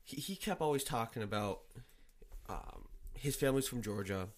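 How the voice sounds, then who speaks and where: A man's voice: medium pitch, lively intonation, moderate pace. Blunt, opinionated man in casual chat. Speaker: podcast co-host.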